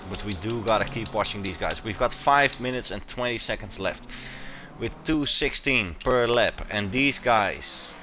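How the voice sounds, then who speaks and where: A man who is not a native English speaker, giving loose, excitable live commentary on a sim race and stumbling over his words, with a faint racing sound behind him. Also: fairly low pitch, background noise.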